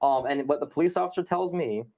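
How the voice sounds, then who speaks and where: A young man, a podcast guest, telling a story in animated, fast casual conversation and swearing often. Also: fairly high pitch.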